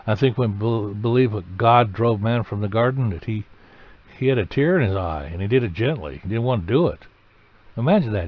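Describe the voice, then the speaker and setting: A man preaching a sermon, telling the story dramatically and breaking into sudden loud, emphatic bursts. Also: fairly low pitch, lively intonation, a little fast, highs cut off.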